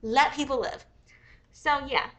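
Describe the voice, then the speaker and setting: A young American woman with a high voice talks through a casual livestream. Her tone is bright and sharp, and she curses freely as she wanders through her thoughts, a little under the weather. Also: slow pace. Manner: profane, rambling, thinks aloud. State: a bit sick. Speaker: livestream host.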